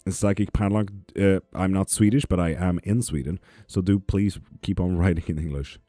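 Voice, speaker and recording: Male tarot streamer, very low mellow voice, sardonic and swearing, dry close sound. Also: fairly even intonation, moderate pace, dry recording, faint music behind. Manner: profane, sarcastic, laughs often. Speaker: live tarot reader and stream host. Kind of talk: casual live-stream chat, reading comments aloud. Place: apartment.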